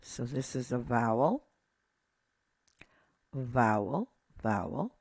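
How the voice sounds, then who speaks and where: Slow, patient Hebrew teacher. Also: mid-range voice, animated, darkish tone, no room sound. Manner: methodical, points things out one by one; patient, pauses with fillers. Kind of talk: slow lesson.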